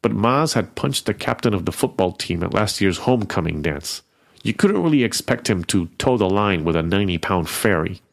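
Male storyteller, lower voice, animated, wry delivery. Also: normal speed, creaky. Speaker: narrator. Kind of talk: first-person fiction reading.

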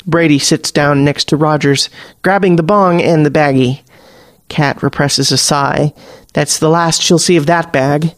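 A man reading a fantasy story aloud as the narrator, in a steady storytelling delivery. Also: a little high, a little slow, no room sound. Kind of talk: audiobook fiction narration.

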